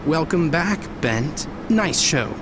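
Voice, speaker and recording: An actor playing a sneering rival in a video game, speaking sarcastically. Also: male voice, fairly high pitch, lively intonation, slow pace, background noise. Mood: sarcastic.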